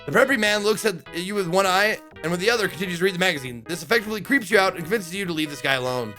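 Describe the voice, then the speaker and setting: Bright, high-voiced man reading game text. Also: racing, soft background music. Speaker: streamer playing a game. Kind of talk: reading game text aloud, casual commentary.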